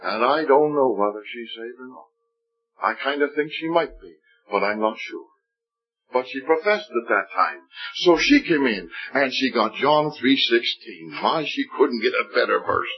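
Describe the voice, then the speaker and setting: A man delivers a testimony sermon, telling a story and acting out the different voices in quoted dialogue. His voice is mid-range with a breathy edge. The recording is dull and lo-fi.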